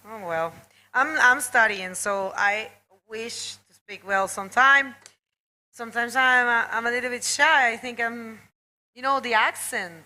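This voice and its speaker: A woman's voice: a little high, unhurried, rough recording. A woman doing live bodyboarding commentary, chatting and greeting viewers. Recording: loud crowd behind.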